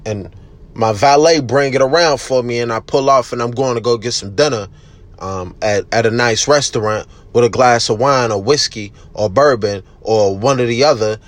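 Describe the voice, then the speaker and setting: A man hosting a casual solo podcast, ranting bluntly with heavy cursing, emphatic and loud at times. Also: mid-range voice. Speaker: podcast host.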